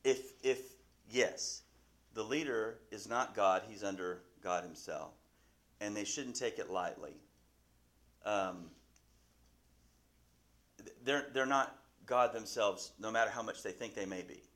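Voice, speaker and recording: A man's voice: lowish voice, slow pace, pauses often, a bit bright. A man teaching a Bible class, asking his listeners questions and often restarting his sentences.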